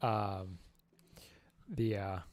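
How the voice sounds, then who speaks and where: A man hosting a casual livestream Q&A, rambling and halting through lots of fillers and self-mocking jokes. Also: lowish voice, fairly even intonation, no echo. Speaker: livestream host.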